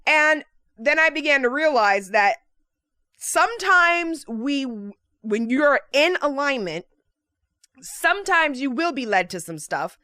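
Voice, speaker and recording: A woman vlogger tells a story in a loose, animated way, swearing freely and laughing often. Her voice sits high and sounds bright and forward. The recording is dry, with no room sound. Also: slow, no room sound. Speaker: lifestyle vlogger. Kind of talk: casual storytelling monologue.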